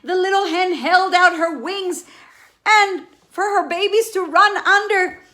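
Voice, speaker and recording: A woman reading a picture book aloud in a slow, expressive way, with many exclamations. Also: very high voice. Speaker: storyteller.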